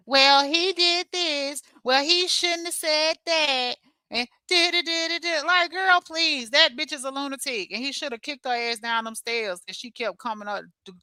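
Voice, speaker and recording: Brief: woman streamer reacting to chat, crude and loud-laughing, with a smooth, crisp tone. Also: medium pitch, no room sound. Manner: blunt, profane, laughs loudly at her own jokes. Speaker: livestream host reading chat comments. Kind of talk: casual livestream chat.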